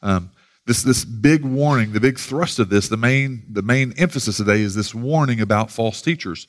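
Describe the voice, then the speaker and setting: A man's voice: medium pitch, moderate pace. A man giving a sermon as a pastor, talking in a loose, casual way with many fillers and restarts.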